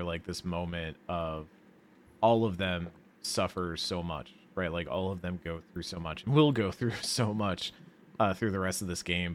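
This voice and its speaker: A man with a very deep, low voice in casual podcast conversation, with a faint hiss of noise under him. He talks earnestly, stumbling over restarts before his point comes out. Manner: earnest, stammering restarts, quick bursts. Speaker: podcast co-host.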